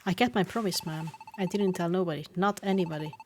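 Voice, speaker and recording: A woman's voice: fairly low pitch, fast talker, a little mellow, a little hiss or hum, close to an everyday voice. A woman reading the lines of a small, brave boy bug creature in a game, polite and eager to please.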